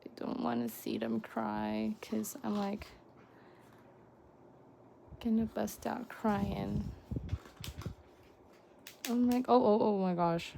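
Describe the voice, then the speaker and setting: Young woman vlogger, slow gushing unboxing talk, mellow low-lit tone. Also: vocal fry, a little hiss or hum. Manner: gushing, excitable, lots of gasps and exclamations. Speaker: vlogger unboxing fan merchandise. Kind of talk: casual unboxing chat.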